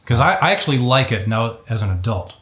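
A man with a mid-range voice hosts a casual sit-down conversation. He is affable and quick to agree, and tosses in short asides. His voice carries an echo from the room. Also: medium pitch, expressive, a bit bright. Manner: affable, chatty, agreeable interjections. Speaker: interview host.

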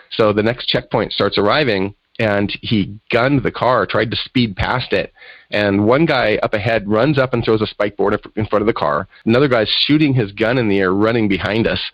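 Interview guest: man, lowish voice, lively storyteller who acts out quotes. Dry, muffled recording. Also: dry recording. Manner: animated storyteller acting out quotes. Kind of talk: storytelling in conversation.

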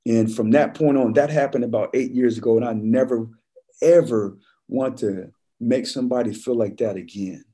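A laid-back man talks in an easy conversational flow, constantly dropping "man" into his stories. His voice is mellow and a little husky, sitting at a middle pitch. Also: normal speed. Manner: relaxed storyteller, says "man" constantly. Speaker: podcast guest, former football player. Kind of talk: casual conversation, storytelling.

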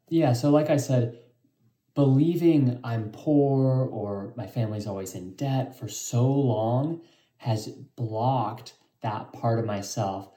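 A man with a mellow, warm tone talks earnestly and introspectively in a personal vlog. He pauses softly between thoughts. The room around him rings with a noticeable echo. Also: fairly low pitch. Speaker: vlog host. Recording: echoey room.

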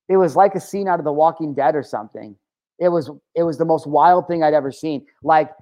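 A man in his thirties speaks straight to his viewers, recounting events in a loose, casual way. His voice sits a little high. He is emphatic and swears freely, often stopping and restarting his sentences. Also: darkish tone. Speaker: vlogger recounting a personal story. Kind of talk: casual storytelling to camera.

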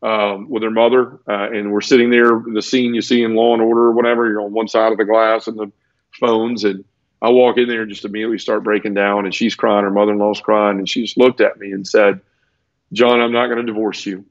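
Man, low-pitched voice, teary, earnest, repeats and restarts words, interview guest, dull lo-fi sound. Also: flat delivery, fairly quick, no echo. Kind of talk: emotional personal storytelling in conversation.

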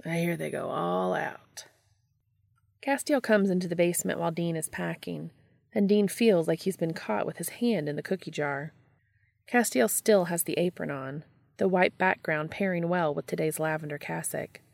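A woman reading a story aloud in a steady, even narration. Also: lowish voice, normal speed, gravelly, no echo. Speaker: reader. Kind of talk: audiobook-style story reading.

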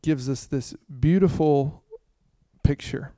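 A man preaching a conversational sermon to a congregation, swinging between hushed and loud passages, with frequent "you know" asides. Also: on the high side, slow, no echo, studio quality. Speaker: pastor.

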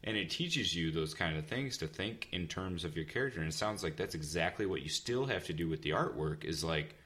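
Man, low pitch, comic writer, casual podcast talk, easygoing. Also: expressive, brisk, a bit bright. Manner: easygoing, storytelling with acted quotes.

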